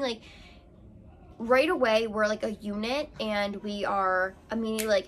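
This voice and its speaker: A woman's voice: medium pitch, fairly even intonation, a little slow, fairly bright tone. A woman vlogger telling a personal story to camera in a casual, rambling way, full of fillers and restarts.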